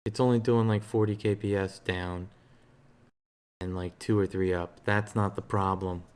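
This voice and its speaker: A man streaming games, chatting casually in a relaxed, rambling way with a soothing voice and lots of fillers. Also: deep voice, moderate pace, clear, resonant tone. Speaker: game streamer. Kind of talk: casual live-stream chat.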